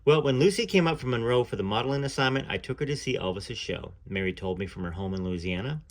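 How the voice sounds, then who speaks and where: A man reading a first-person story aloud in a measured way, now and then pausing to add his own asides. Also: mid-range voice, lively intonation.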